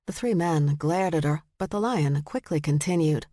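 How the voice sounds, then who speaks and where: Low-voiced woman narrating an audiobook. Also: dark tone, dry recording, studio quality. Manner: slow, measured storytelling. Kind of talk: scripted narration.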